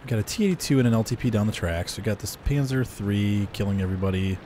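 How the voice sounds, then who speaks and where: A man giving casual gameplay commentary in a relaxed, chuckling manner. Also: on the low side, fast talker, slight background noise. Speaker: game commentator.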